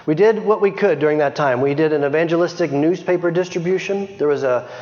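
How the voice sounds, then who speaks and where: A middle-aged missionary reports to a church in an informal, chatty talk, often restarting sentences and giving small laughs. His voice is a little high for a man and fast. The recording is dull and muffled, with the long reverb of a large hall.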